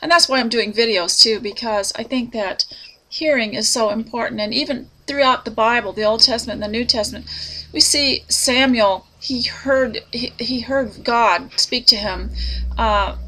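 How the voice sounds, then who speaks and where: A woman, a preacher's wife, giving an earnest, unhurried devotional talk with soft laughs. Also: fairly high pitch.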